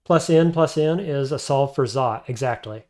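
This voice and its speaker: A man's voice: mid-range voice, normal speed, darkish tone. Man, game streamer, casual commentary, thinking aloud, reads and answers chat.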